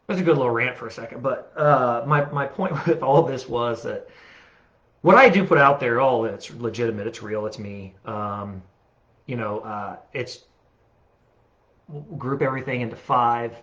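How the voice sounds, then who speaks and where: A man's voice: medium pitch, a bit bright. Profane rambling man, muffled. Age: late 30s. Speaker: podcast host. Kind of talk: casual monologue. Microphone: studio podcast mic.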